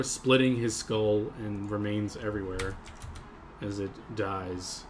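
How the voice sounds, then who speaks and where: A man narrating as game master of a tabletop game stream, relaxed, laughing often, with plenty of fillers. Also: fairly low pitch, slow, slight background noise.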